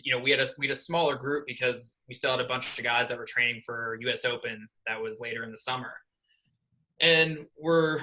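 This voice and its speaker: A young man in his twenties tells a long story in a podcast interview. His voice is very bright and sits at a middle pitch. He rambles earnestly through many fillers and restarts. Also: poor audio. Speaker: assistant swim coach.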